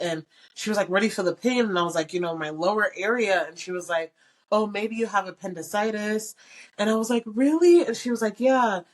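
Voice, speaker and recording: Candid young woman telling a story. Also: medium pitch. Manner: candid, animated quoted dialogue, frequent "like". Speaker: podcast host. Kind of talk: casual storytelling.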